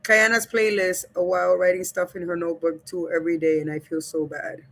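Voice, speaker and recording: A woman's voice: lowish voice, little pitch movement, a little fast, creaky, fairly bright tone. Candid woman chatting to her stream. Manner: reads viewer comments aloud and talks straight to the chat; blunt, swears casually, laughs often. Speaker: livestream host. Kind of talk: casual livestream chat about grief.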